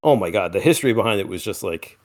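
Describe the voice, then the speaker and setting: A man's voice: on the low side, fast. Easygoing man presenting a podcast topic. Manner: relaxed, filler-heavy, laughs easily. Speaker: podcast co-host. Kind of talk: casual chat, presenting a topic.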